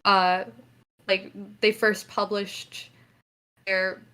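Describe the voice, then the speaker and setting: A teenage girl co-hosting a casual podcast, excitable and laughing, reading old news stories aloud. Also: mid-range voice, very slow, clean tone. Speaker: podcast co-host. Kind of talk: casual chat.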